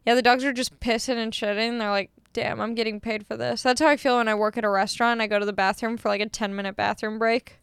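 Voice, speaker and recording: Animated young woman telling a story. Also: a little high, fast, hardly any pauses, clear, resonant tone, no room sound, clean studio sound. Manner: animated, swears freely, acts out quoted people. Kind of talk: casual storytime chat.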